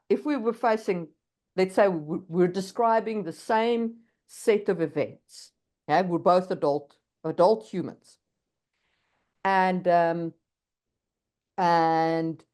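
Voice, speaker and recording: A woman's voice: fairly low pitch, darkish tone. A woman co-hosting a podcast, explaining writing craft in a thoughtful, casual way and often checking in with "right?". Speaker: podcast co-host.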